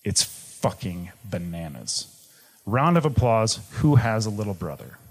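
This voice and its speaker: A man's voice: lowish voice, sing-song, measured pace, slight background noise. Candid young man telling a story live. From Michigan. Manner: candid, swearing, shifts from jokey to grave. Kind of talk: personal story told on stage.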